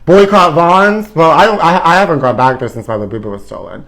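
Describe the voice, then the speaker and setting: A man's voice: medium pitch, big pitch swings, quick pace, vocal fry, a bit bright. A man hosting a live gossip show, campy and sassy, who calls everyone honey and now and then sings a line. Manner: breaks into short bits of song. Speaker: host.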